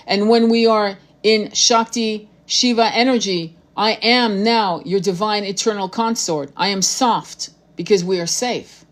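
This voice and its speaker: A woman's voice: mid-range voice, fairly even intonation, measured pace, hardly any pauses. Blunt, profane woman tarot host. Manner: fiery, repeats phrases for emphasis. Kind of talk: live-streamed spiritual talk.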